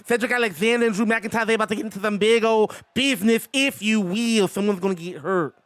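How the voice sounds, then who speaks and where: A swaggering wrestling-promo talker, a man doing the impression, drawling every phrase and tossing "baby" onto the ends of his lines. The voice sits high and slides up and down as he holds court. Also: fast talker, fairly bright tone, no echo. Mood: hyped promo.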